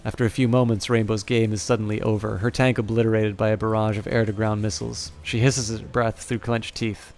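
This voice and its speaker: A man narrating as game master for a tabletop game livestream, talking in a halting, self-correcting way. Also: on the low side, flat delivery, darkish tone.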